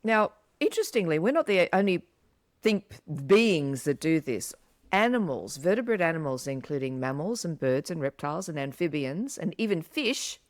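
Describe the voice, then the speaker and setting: Woman co-host, casual chat, smooth clear voice, lowish pitch, dry close mic. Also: moderate pace, dry recording. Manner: animated, acts out yawns. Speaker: podcast co-host.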